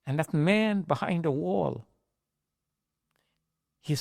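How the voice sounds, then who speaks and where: A man's voice: medium pitch, animated, normal speed, darkish tone, dry recording. Man dramatically recounting survival, dry sound. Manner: emotional, dramatic retelling with raised pleading outbursts. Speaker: survivor telling his story. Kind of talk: personal testimony.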